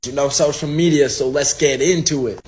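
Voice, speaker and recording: A man in a casual video monologue who tells his side of a story in an animated, mocking way and laughs it off. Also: medium pitch, moderate pace.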